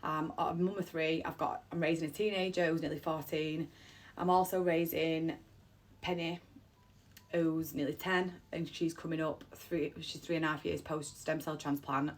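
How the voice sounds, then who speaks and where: A woman's voice: deep voice, flat delivery, moderate pace. A woman, an emotional mother of three telling a personal story, close to tears and repeating herself. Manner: heartfelt, rambling, repeats phrases. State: on the verge of tears.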